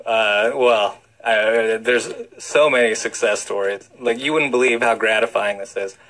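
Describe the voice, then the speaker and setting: A man's voice: on the low side, unhurried, a bit bright, rough recording. Eager man explaining with many fillers. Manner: enthusiastic, full of fillers. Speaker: cardiologist guest. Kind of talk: radio interview.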